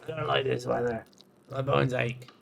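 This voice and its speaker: A man's voice: mid-range voice, fairly even intonation, normal speed, creaky, slight background noise. Playful man streaming a game. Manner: playful, swearing, reacts with little gasps and laughs. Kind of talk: casual game commentary and reading dialogue aloud.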